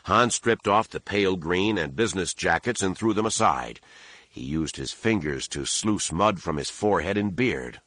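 A man narrating an audiobook in a steady, measured storytelling manner. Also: sits low, dry recording. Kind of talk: scripted narration.

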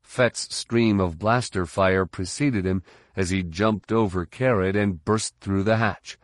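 A man reading an audiobook in measured, even scripted narration. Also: low voice, no echo, clean studio sound.

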